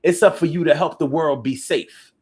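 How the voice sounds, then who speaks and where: A man with a fairly high voice hosts a call-in show and reads out what his viewers write. He talks loose and slangy and gets preachy, circling back over the same lines to hammer a point home. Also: moderate pace, husky. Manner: animated, preachy, repeats phrases for emphasis; loose, slangy speech with many restarts. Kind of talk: live call-in talk show, reading viewer comments.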